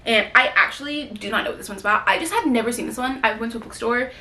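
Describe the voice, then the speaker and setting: A woman's voice: on the high side, fast, sharp tone, echoey room, slight background noise. A young woman chatting casually about her new books, gushing and rambling with lots of fillers. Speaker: book vlogger. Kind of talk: casual book haul chat. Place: room at home with bookshelf.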